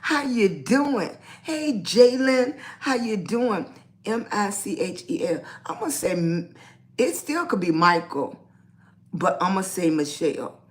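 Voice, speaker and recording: A woman's voice: medium pitch, very animated, measured pace. A woman hosting a casual livestream, greeting viewers by name and speaking upbeat, affirming words of encouragement. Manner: motivational, speaks positive affirmations. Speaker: lifestyle blogger hosting a livestream. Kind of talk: casual live-stream chat.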